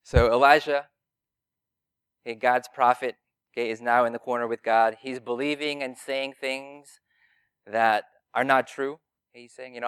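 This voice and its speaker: A man's voice: medium pitch, steady tone, measured pace, pauses often, a bit bright, clean tone, no room sound. A man preaching a conversational sermon, earnest and plain-spoken, talking directly to his listeners.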